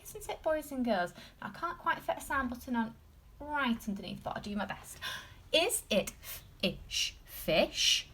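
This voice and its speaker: Female reception teacher, English accent, higher voice, very lively intonation, slow sounding-out of letters, warm encouragement, occasional whispers. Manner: sing-song, sounding out letters slowly, encouraging; drops to a whisper at times. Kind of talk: recorded phonics lesson for young children.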